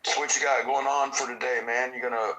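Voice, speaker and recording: A man's voice: medium pitch, flat delivery, fairly quick, a crowd in the background, rough recording. A man chatting casually as a guest, laid-back and profane. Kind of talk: casual chat.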